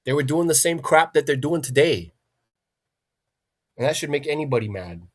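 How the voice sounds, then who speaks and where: A man's voice: a little high, animated, normal speed. Agitated man ranting on a livestream. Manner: agitated, profane, repetitive. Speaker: livestream host. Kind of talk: angry livestream rant.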